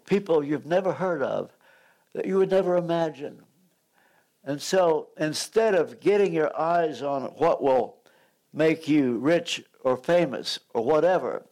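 Slow, higher-voiced older preacher. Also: male voice, darkish tone. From United States. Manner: storytelling, acts out voices, loses his place and jokes. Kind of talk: sermon.

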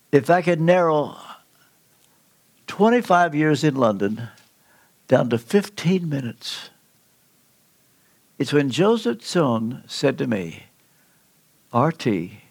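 Older man preaching, gravelly and lively. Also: medium pitch. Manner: earnest storytelling preacher, slow emphatic pauses. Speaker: pastor. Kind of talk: sermon. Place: church sanctuary.

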